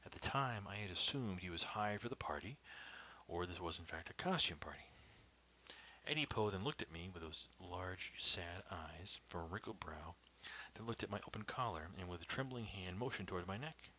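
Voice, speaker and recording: Brief: man, low voice, measured first-person storytelling, slips into hushed whispers, faint hiss. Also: lively intonation, poor audio. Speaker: storyteller reading his own story.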